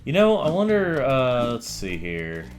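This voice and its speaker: A man's voice: medium pitch, wildly swooping pitch, unhurried, soft background music. A man hosting a casual let's-play, talking in a rambling, hesitant way while he plays. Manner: rambling, hesitant, lots of fillers. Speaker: gaming channel host.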